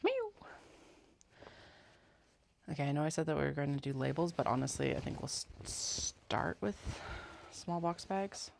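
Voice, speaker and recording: A woman's voice: low voice, steady tone, fast talker, gravelly, few pauses, a little hiss or hum. A woman who vlogs about sewing, chatting casually on a clip-on mic and muttering to herself and her cats as she works in her basement. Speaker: sewing vlogger. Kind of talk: casual chat while working.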